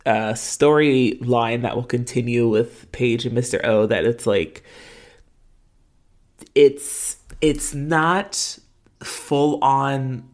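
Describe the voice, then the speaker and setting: A woman's voice: very deep voice, takes it slowly. A woman co-hosting a casual recap chat, with lots of fillers and frequent laughs. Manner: filler-heavy, laughs often. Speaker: podcast co-host.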